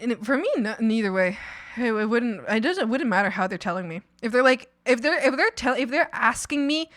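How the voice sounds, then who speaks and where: Bright-voiced woman streamer chatting. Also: fairly high pitch, lively intonation, fairly quick. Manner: chatty and rambling, laughs often, bursts into mock shouting. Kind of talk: casual chat on a live stream.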